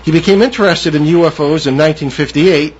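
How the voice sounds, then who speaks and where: An older man, co-hosting a paranormal radio talk show in a measured, formal way. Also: a little high. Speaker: co-host. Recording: dull lo-fi radio audio with faint hiss.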